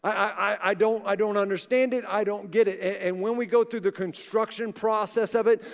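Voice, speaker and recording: High-voiced male pastor in a reverberant church. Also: steady tone, brisk, gravelly. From Oklahoma. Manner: conversational storytelling, acts out quoted voices. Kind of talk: sermon. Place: large church auditorium. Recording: live church sound with long hall reverb.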